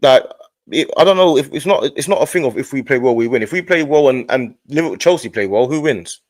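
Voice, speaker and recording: A man's voice: mid-range voice, animated, fast talker, darkish tone, no echo. A young man arguing heatedly about football, repeating his point and cutting in. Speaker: football podcast host.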